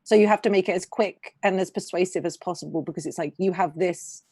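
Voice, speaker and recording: A woman's voice: lowish voice, fast, dark tone, slightly rough, dry recording, studio quality. A woman with a southern English accent co-hosting an online English lesson, explaining things casually with lots of "like" fillers. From southern England. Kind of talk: casual explanation on a video call.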